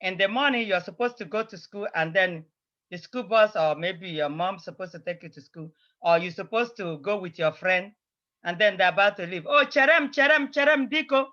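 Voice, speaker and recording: A woman teaching a language class, saying each phrase slowly and repeating it several times for her students. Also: on the low side, a bit bright. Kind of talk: slow, repetitive language lesson. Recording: slightly dull, lo-fi recording.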